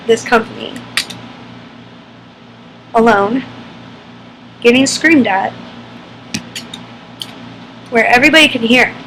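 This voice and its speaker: Emotional woman with a gravelly voice. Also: a little high, pushed and bright, a little hiss or hum, low-quality recording. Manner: emotional, candid, frequent fillers. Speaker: vlogger. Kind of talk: personal storytelling to camera.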